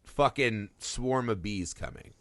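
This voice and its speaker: A man co-hosting a casual film podcast, talking in an animated way, swearing freely and laughing as he acts out scenes. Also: lowish voice, slow, dry recording. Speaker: podcast co-host.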